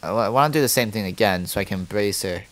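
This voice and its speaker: A man playing a horror game, jumpy and swearing, reacting out loud to what happens on screen. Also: fairly low pitch, rapid-fire. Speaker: gaming streamer.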